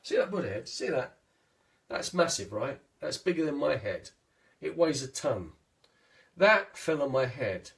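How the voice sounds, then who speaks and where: A man in his fifties telling rambling stories on a live stream, speaking slowly with a slight stutter and often losing his train of thought. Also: mid-range voice, sing-song, fairly bright tone. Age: 50s. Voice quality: gravelly, husky. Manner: slow, halting, loses his train of thought. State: mild stutter after head injury. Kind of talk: rambling casual storytelling.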